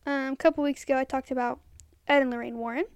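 A woman co-hosting a podcast in casual chat, often pausing and hunting for words. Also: high-pitched, steady tone, smooth, no echo, studio quality. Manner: halting, searches for words with many fillers. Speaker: podcast co-host.

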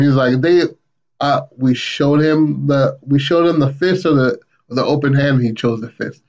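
Man animatedly recapping a story, muffled audio. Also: normal speed. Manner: animated retelling, acts out quotes with raised pitch. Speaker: podcast co-host. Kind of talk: casual storytelling chat.

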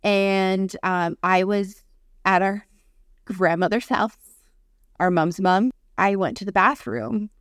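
A woman's voice: medium pitch, fairly even intonation, slow pace, clear, resonant tone, no echo, studio quality. A woman in her thirties, co-hosting a podcast, telling a frank personal story in casual chat and swearing freely. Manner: candid, swears freely, acts out voices in anecdotes. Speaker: podcast co-host.

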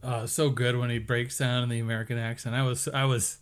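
A man co-hosting a casual TV recap chat, enthusiastic and quick to laugh. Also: mid-range voice, clean tone. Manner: enthusiastic, animated, laughs easily. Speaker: podcast co-host.

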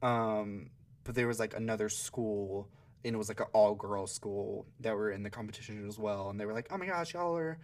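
A man's voice: fairly low pitch, little pitch movement, normal speed, a little mellow. A young man from Georgia hosting a podcast, telling stories in a chatty, sassy way and laughing often. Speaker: podcast host. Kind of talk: casual solo storytelling.

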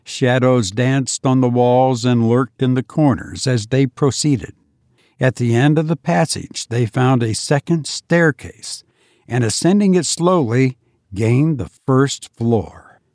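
A man narrating a ghost story in a measured, steady way. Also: medium pitch, dry recording, clean studio sound. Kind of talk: scripted narration.

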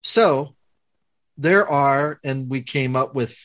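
A man's voice: mid-range voice, slow pace. Man coaching through a conflict method. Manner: animated teacher, acts out quoted lines. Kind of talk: explaining a method in conversation.

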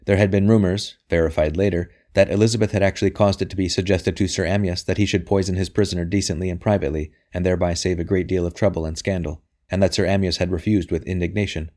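Deep-voiced male audiobook narrator. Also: steady tone, fast talker, hardly any pauses, a little mellow. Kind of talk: scripted narration.

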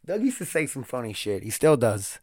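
On a single podcast mic at home, a male host delivers a rambling, confessional solo monologue laced with swearing. His medium-pitched voice swings widely in pitch and runs fairly quick, captured with studio quality and no room sound.

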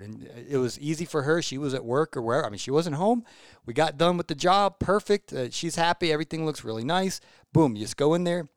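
Reading listener reviews and sponsor spots, this podcast host chats casually and enthusiastically in a studio and drifts onto tangents. His voice is on the high side, clear and resonant, with no echo.

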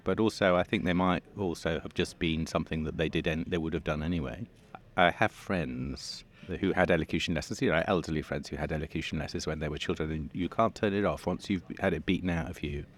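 A man talking as an interview guest, chatty, laughing easily and restarting his sentences. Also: sits low. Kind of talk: conversational interview.

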